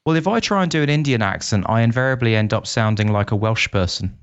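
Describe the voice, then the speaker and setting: A man hosts a casual podcast chat and talks eagerly about his ideas. His voice sits fairly low but swings widely in pitch. The recording is dull and lo-fi. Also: fast, clear, resonant tone. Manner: lively, eager to share plans. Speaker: podcast co-host. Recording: dull lo-fi sound.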